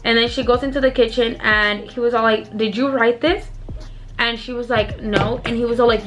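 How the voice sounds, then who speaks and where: A woman's voice: a little high, steady tone, normal speed, fairly bright tone. A young woman vlogger telling a storytime tale in a chatty, swear-heavy way, acting out what people said. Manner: chatty, profane, acts out quoted voices. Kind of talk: casual storytime.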